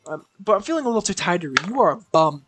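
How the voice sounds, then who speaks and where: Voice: medium pitch, very animated, rapid-fire, fairly bright tone, soft background music. Goofy streamer joking over a game. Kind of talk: live game commentary.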